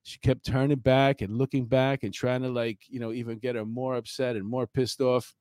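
A man's voice: medium pitch, level tone, moderate pace, darkish tone, dry recording. Middle-aged new guy, ex-cop, rambles with lots of uhs, dry close sound. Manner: rambling, blunt, swears, many fillers. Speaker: former police officer, commentator. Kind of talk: casual storytelling commentary.

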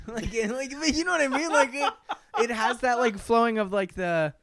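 A man's voice: very high voice, big pitch swings, moderate pace, fairly bright tone, no room sound. A young man co-hosting a podcast, chatting casually and animatedly with lots of fillers and laughs. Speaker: podcast co-host. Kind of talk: casual chat.

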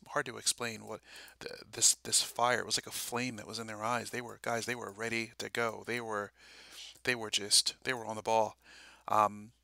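A man recounting a dream and tying it to scripture, halting with many fillers and restarts. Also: mid-range voice, vocal fry, pushed and bright, no echo. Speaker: religious video speaker.

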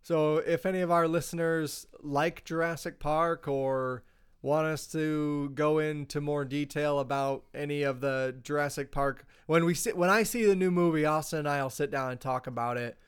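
A man's voice: a little high, fairly even intonation, normal speed, clean tone. A man co-hosting a podcast, chatting casually and rambling with fillers about movies and books. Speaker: podcast co-host. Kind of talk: casual chat.

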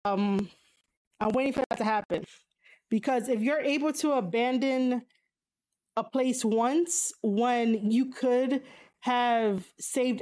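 A woman with a slightly high voice rants casually, reading out viewers' comments and firing back at them. She swears bluntly, leans on fillers and laughs often, jumping into high exclamations when something surprises her. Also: darkish tone. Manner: blunt and profane, frequent fillers. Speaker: streamer reading chat. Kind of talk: casual opinionated chat.

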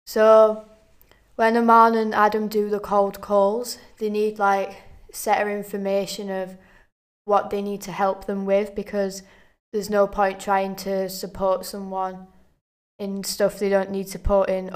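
A woman on the marketing team, casually explaining how she supports clients, with many likes. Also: medium pitch. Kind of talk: explaining her team's process.

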